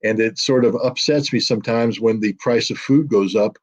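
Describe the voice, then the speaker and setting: A man's voice: fairly low pitch, normal speed. A middle-aged American man, a guest in a political commentary interview, talking emphatically and with sardonic jabs. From United States. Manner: emphatic and sardonic, mocking quoted officials. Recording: dull lo-fi audio.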